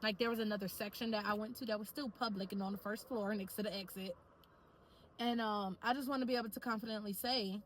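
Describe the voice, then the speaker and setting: A young woman vlogging casually to camera, telling stories in an animated, chatty way full of slang. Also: mid-range voice, fast talker, slight background noise, rough recording.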